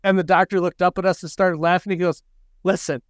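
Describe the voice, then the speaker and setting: A man co-hosting a podcast, telling animated anecdotes about his family. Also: high-pitched, quick pace, no room sound, clean studio sound. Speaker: podcast co-host, father. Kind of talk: casual podcast storytelling.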